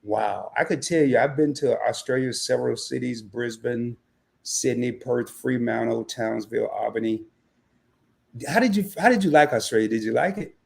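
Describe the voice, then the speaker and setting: A man's voice: mid-range voice, moderate pace, creaky. A man hosting a casual livestream interview, teasing his guest and laughing often. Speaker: livestream host.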